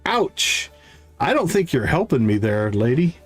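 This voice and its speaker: A man's voice: medium pitch, sing-song, normal speed, darkish tone, soft background music. Man giving wry livestream game commentary. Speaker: streamer.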